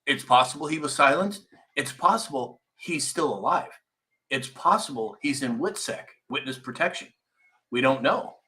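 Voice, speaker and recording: A man hosts a live stream in a bright, crisp voice. He rambles casually, chats with his crew and reads viewer comments aloud. His pitch sits in an ordinary middle range. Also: lively intonation, moderate pace. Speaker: live stream show host.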